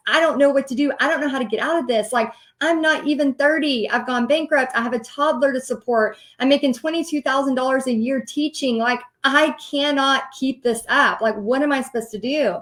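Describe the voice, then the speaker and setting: Chatty Southern woman telling her story. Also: high voice. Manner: animated, chatty, many ums and likes. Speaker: host. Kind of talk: casual storytelling livestream.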